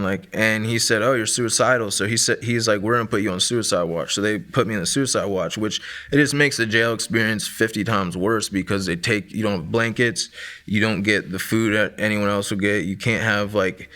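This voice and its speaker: A man's voice: lowish voice, steady tone, fairly quick, sharp tone. A man in his late twenties from Maryland, telling his personal testimony in a casual way, full of fillers and restarts. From Maryland, USA. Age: 20s. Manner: casual, filler-heavy storytelling with many likes and restarts. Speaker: guest sharing testimony.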